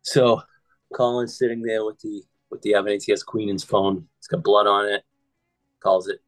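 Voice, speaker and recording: A man's voice: lowish voice, little pitch movement, moderate pace, no room sound, soft background music, rough recording. A man hosting a podcast, casually retelling film scenes, quoting lines and swearing freely. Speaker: podcast host. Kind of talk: casual film recap chat.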